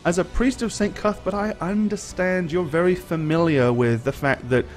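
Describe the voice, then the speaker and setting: Man doing a smug, pompous noble, lifted pitch, mock-polite and condescending. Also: darkish tone. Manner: overly courteous, condescending. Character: pompous sarcastic male nobleman, formal.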